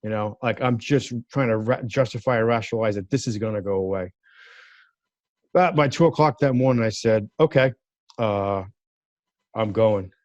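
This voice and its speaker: A man's voice: lowish voice, a little fast, no room sound. Male guest, lawyer, vivid storyteller who acts out quoted voices; dry, somewhat dull recording. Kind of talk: personal story in an interview. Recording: dry, slightly dull sound.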